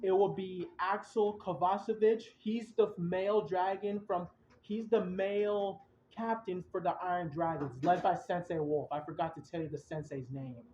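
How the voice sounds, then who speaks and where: A young man hosting a podcast, excitedly retelling events in a rambling, casual way with slang. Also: sits high, normal speed, hardly any pauses, slight background noise. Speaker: podcast host. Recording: roomy, dull lo-fi sound.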